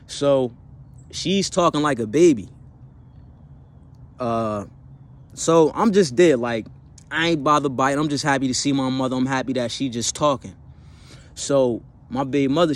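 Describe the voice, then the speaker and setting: A man in his twenties casually telling a personal story, slangy and profane, rambling with fillers and self-corrections. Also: medium pitch.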